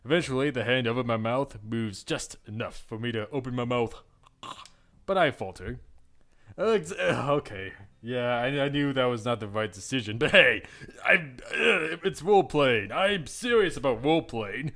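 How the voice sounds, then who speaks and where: A man's voice: medium pitch, animated, normal speed, creaky, a bit bright. A young man hosting a visual novel playthrough, reading aloud and cracking self-mocking jokes. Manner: joking, self-mocking, laughing often. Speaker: gaming channel host.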